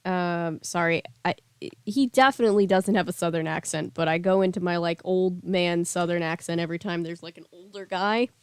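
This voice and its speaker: A woman's voice: on the low side, a little fast, smooth, no echo. A woman hosting a casual read-aloud, breaking off into rambling, chatty asides full of fillers. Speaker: book reading host.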